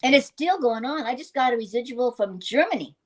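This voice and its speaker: An older woman, a guest actress, telling animated anecdotes in a casual interview and laughing often. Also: fairly high pitch, brisk.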